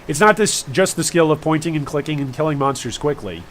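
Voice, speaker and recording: A man's voice: a little high, lively intonation, a little fast, a bit bright, a little hiss or hum. A man streaming a game live, chatting casually and rambling with jokey asides to his viewers. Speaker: gaming streamer.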